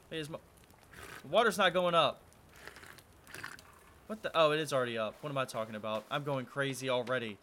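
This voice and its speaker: A man's voice: on the high side, expressive, brisk, pauses often, bright, forceful tone, slight background noise. A young man hosting a let's-play video, nervously talking to himself as he plays. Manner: nervous, talks to himself while playing. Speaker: gaming video host.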